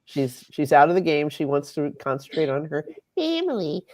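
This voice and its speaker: A woman's voice: low-pitched, sing-song, moderate pace, darkish tone, no echo. A woman journalist on a talk panel, telling sarcastic stories in a wry, dry manner. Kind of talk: casual panel chat.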